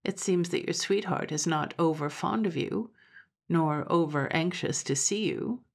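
A woman voicing an excitable, fretful old grandmother who speaks in emphatic, shrill outbursts. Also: measured pace. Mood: reproachful.

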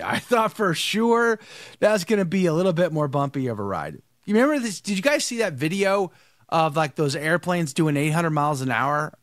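A man's voice: on the high side, no echo, clean studio sound. A man hosting a live news stream, nasal and congested from allergies, chatting casually and greeting viewers one by one. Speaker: host of a live news show.

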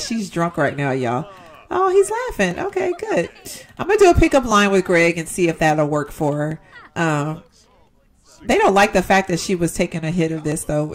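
A woman's voice: on the low side, sing-song, a little fast. A young woman giving casual, chatty commentary as she plays a life-simulation game, talking straight to her viewers and exclaiming at what happens. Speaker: gaming YouTuber. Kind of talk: casual let's-play commentary.

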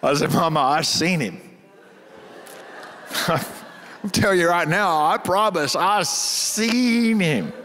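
A middle-aged pastor tells a story from the pulpit, animated and laughing. His voice sits high for a man. It rings out in a hall with a long reverb. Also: a little slow, pauses often, a little hiss or hum. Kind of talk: storytelling sermon.

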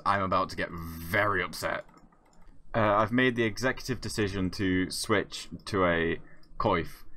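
A man giving live gameplay commentary, chatty and excitable, thinking aloud with lots of fillers. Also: low-pitched. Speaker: gamer.

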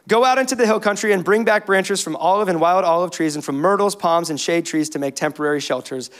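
A pastor delivers a sermon in a church, his voice sitting noticeably high for a man. He moves between reading scripture aloud and speaking with rising intensity. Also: quick pace, fairly bright tone. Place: church sanctuary.

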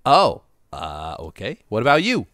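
A man riffs on a game he is playing, joking with his viewers in a playful, bouncy voice. His pitch jumps around a lot, and the sound is dry and close. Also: wildly swooping pitch, measured pace, fairly bright tone, no echo. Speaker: gaming channel host. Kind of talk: casual gameplay commentary.

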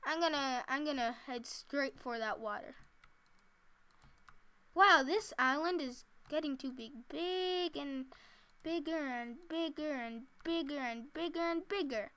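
Bright, high-voiced woman narrating gameplay. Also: measured pace. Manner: chatty, giggly, talks to herself while building. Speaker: gameplay commentator. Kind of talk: casual let's-play commentary.

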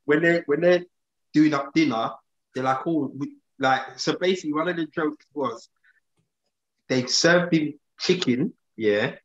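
A man co-hosting a live chat show, telling stories in a relaxed way and chuckling through them. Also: a little high, a little slow, reverberant. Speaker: co-host of a live discussion stream. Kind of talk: casual chat. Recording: dull lo-fi mic sound.

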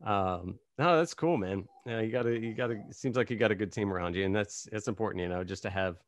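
A man's voice: on the low side, quick pace, dry recording. A man hosting a podcast, chatting casually with an easygoing manner and laughing along with his guest. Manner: easygoing, many fillers and restarts, laughs along. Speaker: podcast host. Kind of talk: casual interview chat.

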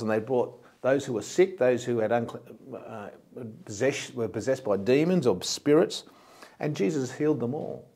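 An Australian pastor with a warm, mid-range voice preaches a sermon, explaining things plainly and often repeating words as he goes.

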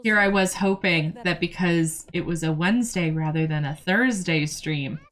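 A young woman streaming a game, chatting casually and excitably, swearing freely and talking to her chat and to the characters on screen. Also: on the low side, moderate pace. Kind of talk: casual gameplay commentary.

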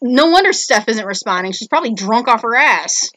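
A high-voiced woman from Illinois, co-hosting a podcast in loose, casual chat. She swears freely and tells stories with a lively, bright, sharp edge to her voice. Her delivery is chatty and unguarded. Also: a little fast, dry recording. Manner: profane, chatty storyteller. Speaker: podcast co-host.

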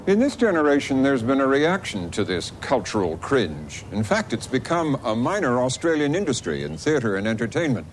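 A man narrating a documentary in a measured, expressive scripted delivery. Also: mid-range voice, slight background noise.

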